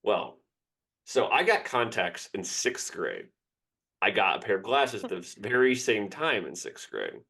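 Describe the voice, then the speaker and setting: A man's voice: lowish voice, big pitch swings, unhurried, creaky, pushed and bright, husky. A young man co-hosting a sports podcast, telling a personal story in a rambling, candid way. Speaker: podcast co-host. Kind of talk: casual sports podcast chat.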